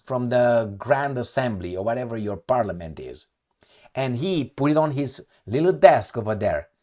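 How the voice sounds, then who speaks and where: A man talks through news items in an opinionated monologue, his pitch rising and falling in a lively way. He mixes straight reading with sarcastic, scornful jabs and pointed rhetorical questions. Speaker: political commentator.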